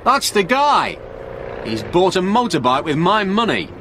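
A man voicing Frank, an excited young man who protests that the money is his. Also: mid-range voice, measured pace, noisy background, pitched above the performer's own voice.

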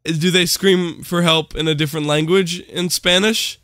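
A young man doing gameplay commentary for a horror game, jumpy and excitable, swearing a lot. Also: fairly high pitch, normal speed, no room sound, clean studio sound. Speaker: gaming YouTuber.

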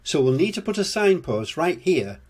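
A kind, patient woman builder from a storybook, explaining things gently in a raised voice. An older man with a husky tone plays her with soft, lilting phrases. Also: on the high side, very animated, moderate pace, voice pushed up.

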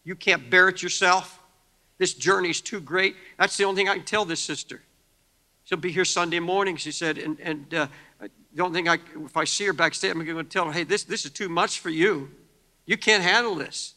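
A man preaches with a high, very bright and piercing voice. He moves between hushed pleading and impassioned shouting, and a long hall reverb trails behind every phrase. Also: brisk. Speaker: pastor. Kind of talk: sermon.

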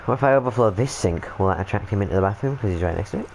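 A young British man doing excitable, swearing, joking commentary while playing a stealth game. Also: lowish voice, rapid-fire, slight background noise, poor audio. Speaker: gaming video host. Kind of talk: let's-play commentary.

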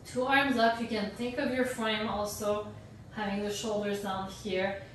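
A young woman teaching an online dance workshop, coaching core exercises in a relaxed, chatty way with little jokes. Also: medium pitch, measured pace, a little hiss or hum. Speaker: dance instructor. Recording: roomy echo, distant from the mic.

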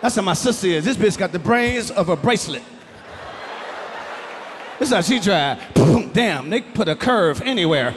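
A man doing a stand-up comedy routine on stage before a live audience, loud and profane, yelling his punchlines. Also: high voice, animated, normal speed, long pauses. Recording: live crowd, noisy hall.

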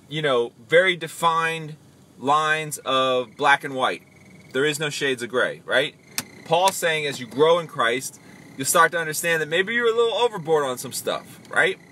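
Casting note: male podcast host, very bright forward tone, animated and chatty, faint hiss behind. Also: fairly high pitch. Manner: animated, acts out voices, reads comments aloud. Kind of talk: casual faith talk.

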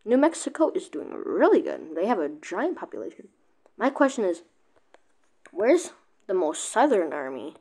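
Excitable woman narrating a strategy game. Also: medium pitch, normal speed. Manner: excitable, keeps cutting herself off with "wait". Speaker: gaming video creator. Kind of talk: casual gameplay commentary.

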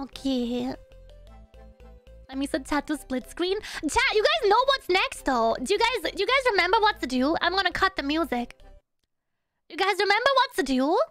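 A woman's voice: extremely high pitch, sing-song, normal speed, fairly bright tone, faint music behind. A woman streamer chatting casually and playfully with her audience, humming little tunes between thoughts and teasing her chat.

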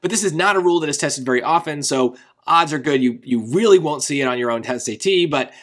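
A man's voice: a little high, animated, fast talker, fairly bright tone. A man tutoring for a test, explaining a grammar question in a loose, conversational way, often checking in with "right?". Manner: conversational, rephrases often, asks "right?" for agreement. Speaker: SAT tutor.

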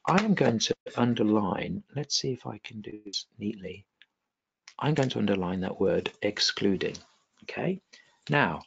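A man's voice: on the low side, measured pace, gravelly, slightly rough, muffled recording. A man teaching an online exam revision webinar, often checking with the class whether things make sense. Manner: animated, questioning the class often. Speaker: exam tutor.

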